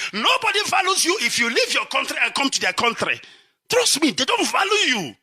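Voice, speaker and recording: A middle-aged Nigerian man giving an impassioned live address, swinging from shouts to low, urgent warnings. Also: wildly swooping pitch, a little fast, husky, dry recording. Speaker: activist speaker.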